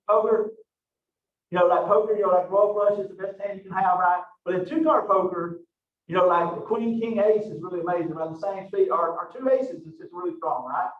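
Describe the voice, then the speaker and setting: A man teaching a biology lecture, lively and joking at his own expense, with frequent rhetorical questions. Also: high voice. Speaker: biology instructor. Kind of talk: recorded online lecture. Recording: roomy, distant, dull lo-fi mic.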